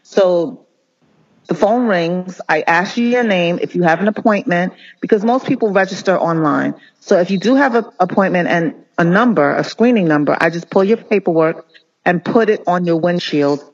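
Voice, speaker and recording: A male nurse speaking as an interview guest, earnest and impassioned, often halting and restarting mid-sentence. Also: high voice. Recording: muffled lo-fi audio.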